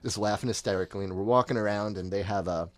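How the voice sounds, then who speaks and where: A man's voice: on the low side, fast, no echo. A man in his thirties telling a long personal story in a casual, rambling way, often acting out what people said. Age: 30s. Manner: rambling, animated retelling with quoted voices. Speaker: podcast host.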